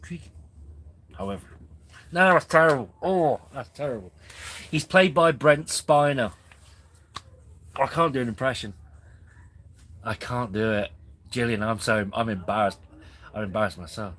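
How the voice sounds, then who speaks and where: A man's voice: fairly low pitch, moderate pace, long pauses, a bit bright. A man in his forties hosting a casual camping live stream from a tent. He rambles, goes off topic and pokes fun at himself. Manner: rambling, chatty, self-deprecating. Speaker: camping channel host.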